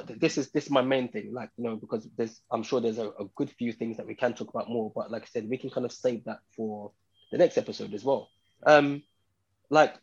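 A man's voice: mid-range voice, a little mellow, slightly rough, muffled recording. A man co-hosting a podcast, chatting casually about a film in a rambling way, repeating himself with many fillers. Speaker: podcast co-host. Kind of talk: casual film review chat.

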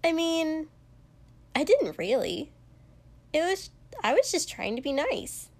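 A woman's voice: high-pitched, big pitch swings, slow pace, voice pushed up, heavily acted. A woman voicing a teasing, playful young woman in a storybook reading.

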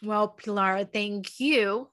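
A woman's voice: mid-range voice, fairly even intonation, slow, fairly bright tone. A woman hosting her own podcast in a casual solo monologue, chatty and a little emotional, often breaking into small laughs between phrases. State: emotional, teary. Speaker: podcast host.

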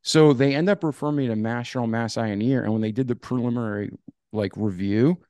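A man tells his own story in a podcast interview at an average pitch. He talks casually and animatedly and acts out old conversations as he goes. The sound is dry and close. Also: quick pace, dry recording. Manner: animated, acts out dialogue with "I'm like". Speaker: podcast guest.

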